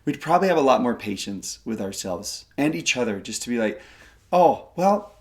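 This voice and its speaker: A man in his forties co-hosting a scripture podcast, talking casually and getting animated as he paraphrases verses. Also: fairly quick. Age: 40s. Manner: animated, jumps up in pitch when voicing God's kindness. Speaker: co-host of a scripture study podcast.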